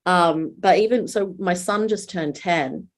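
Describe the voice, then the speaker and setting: Podcast co-host: Australian woman, 30s, chatty storyteller with a lower-pitched voice. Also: unhurried. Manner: storytelling, quoting her children. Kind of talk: casual chat.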